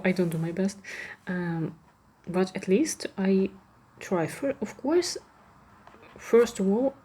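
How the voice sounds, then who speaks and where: Soft-voiced woman with a Russian accent. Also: lowish voice, slight background noise. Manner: soft-spoken, drifting into whispers, emotional, many restarts. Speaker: ASMR creator. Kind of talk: soft-spoken ASMR chat.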